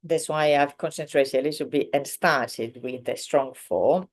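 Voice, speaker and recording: A woman's voice: low voice, unhurried. A woman teaching a beginners' online language lesson, explaining patiently with many ums and self-corrections. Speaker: Italian teacher.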